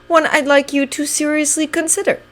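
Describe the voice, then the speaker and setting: A woman voicing a sharp-tongued, haughty young wizard man in a fan audiobook reading. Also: high voice, little pitch movement, fairly quick, pitched above the performer's own voice. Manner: sneering, clipped retorts.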